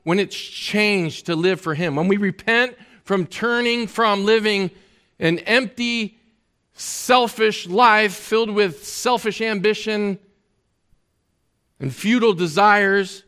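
High-voiced man preaching casually. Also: slow, sharp tone, smooth. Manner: conversational, with frequent fillers. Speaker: pastor. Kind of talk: sermon.

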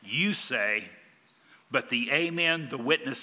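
A man delivers a sermon with an emphatic preaching style, his voice very bright and a little high. He swings from loud declarations down to quiet, low lines. The sound carries a long reverb, as in a large hall. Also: measured pace. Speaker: pastor.

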